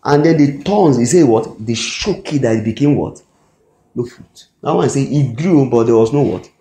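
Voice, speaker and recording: Nigerian preacher in an echoey hall. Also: male voice, mid-range voice, expressive, moderate pace, warm tone. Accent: Nigerian English. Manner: call-and-response, asks the congregation "what?" to fill in words. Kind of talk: sermon. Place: church hall.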